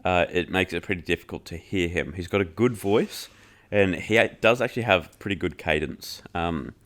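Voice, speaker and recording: A man with a very low voice hosts a podcast and reviews an album in relaxed chat. He jokes around, swears freely and fills his sentences with "like". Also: moderate pace. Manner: loose and joking, heavy filler "like", swears freely. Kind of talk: casual chat.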